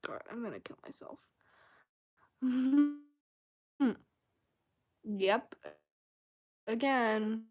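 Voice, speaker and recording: A woman's voice: a little high, extremely slow, pauses often. A young woman ranting angrily and with lots of swearing in a casual vlog, exasperated and fed up. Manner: angry, profane, exasperated.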